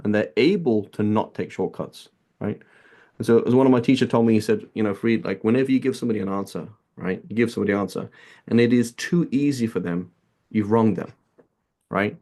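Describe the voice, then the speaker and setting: Teaching a religious lesson on hadith, this man keeps things conversational, telling anecdotes and leaning on "right?" and "like" asides. His voice is fairly low and a little mellow, and he speaks fairly quickly.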